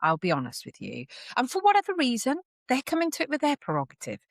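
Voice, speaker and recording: Chatting as a podcast guest, this woman in her 40s is a lively storyteller who often mimics what others said. She speaks quickly in a high voice, captured in clean studio audio without echo.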